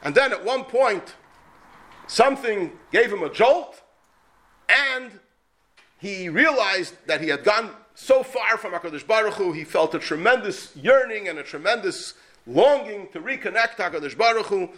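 A man's voice: high-pitched, expressive, moderate pace, fairly bright tone. A man teaching a Torah class as a rabbi, emphatic and full of rhetorical questions, weaving Yiddish and Hebrew terms into his English. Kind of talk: Torah lecture.

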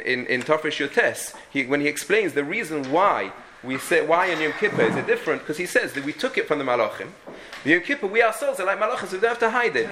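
A man gives a halachic lesson in a bright, forceful voice that sits a little high for a man. He thinks aloud, restarts his sentences often and mixes in many Hebrew and Yiddish terms. A faint hum of room noise stays in the background. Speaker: Torah teacher.

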